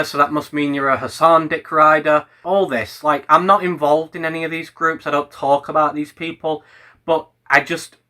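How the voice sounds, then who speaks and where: A man's voice: on the high side, sharp tone. A young man, a YouTuber, ranting on camera in a heated, sweary, sarcastic way. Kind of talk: ranting commentary vlog.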